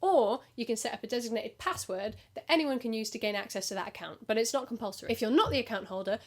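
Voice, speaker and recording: Fast-talking sarcastic British woman vlogger. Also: on the high side. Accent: British English. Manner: sarcastic, animated, puts on voices for customers. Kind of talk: storytelling vlog.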